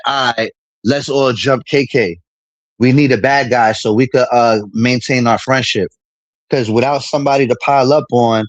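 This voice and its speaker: A man's voice: mid-range voice, no echo. A man streaming a casual, heated monologue, full of street slang and repetition as he vents about a friend.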